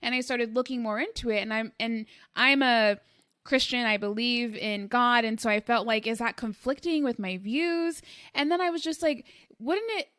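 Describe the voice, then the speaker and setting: A young woman hosting a podcast interview, telling stories in an animated, chatty way with lots of fillers. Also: on the high side, normal speed, smooth, no room sound, studio quality. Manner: animated storytelling, acting out quoted voices, many fillers. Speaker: podcast host. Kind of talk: casual conversational interview.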